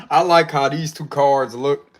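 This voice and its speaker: A man doing a casual livestream tarot reading, slangy and laughing often as he talks to viewers. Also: on the high side. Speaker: tarot reader.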